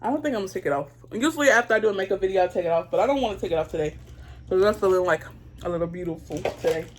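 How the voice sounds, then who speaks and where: A woman doing her makeup on camera while she tells a story. She talks to her viewers directly, in a casual way, and she is blunt, indignant and swears freely. Her voice sits at a middle pitch for a woman. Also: racing, a little hiss or hum. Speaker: beauty vlogger.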